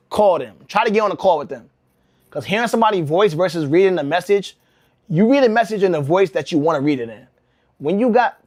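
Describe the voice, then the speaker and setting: Young streamer guy, slightly high voice, loose slangy storytelling, lots of bro, for a casual vlog read. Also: no echo, clean studio sound. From Connecticut, USA. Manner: slangy and rambling, says bro a lot, restarts often. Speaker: rug-making livestreamer.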